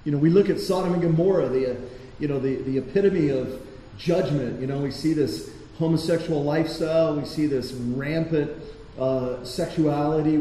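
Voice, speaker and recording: A man's voice: fairly high pitch, warm tone. A man preaching a sermon in a conversational way, asking his listeners rhetorical questions in a church hall. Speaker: pastor. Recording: roomy hall echo, faint noise.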